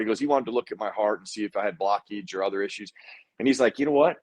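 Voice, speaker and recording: Man, low voice, interview guest, lively storyteller, acts out quoted lines. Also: no room sound. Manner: animated storyteller who acts out other people's lines. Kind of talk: casual storytelling conversation.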